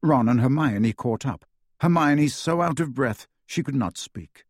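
A man's voice: mid-range voice, animated, unhurried, no room sound, clean studio sound. A man narrating an audiobook dramatically, with varied pacing.

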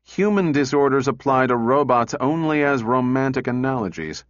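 A man doing a gruff, sardonic engineer. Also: medium pitch, animated, no room sound, highs cut off, close to an everyday voice. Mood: brisk. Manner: brisk, impatient. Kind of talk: audiobook character reading.

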